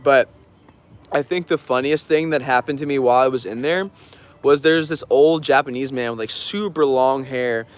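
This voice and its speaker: A man's voice: mid-range voice, moderate pace. A man telling stories casually on a livestream, rambling with lots of fillers and frequent laughs. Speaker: artist streaming an auction.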